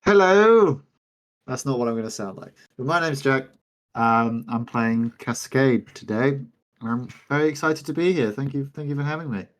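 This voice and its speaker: A man's voice: medium pitch, moderate pace. Eager newcomer, man, ordinary mid voice, courteous. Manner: polite, eager. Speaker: new player. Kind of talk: casual chat.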